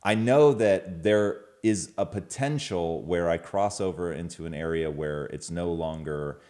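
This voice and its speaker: A man's voice: deep voice, unhurried, darkish tone. A man hosting a casual relationship talk, explaining his thinking in an earnest, reflective way. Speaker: host.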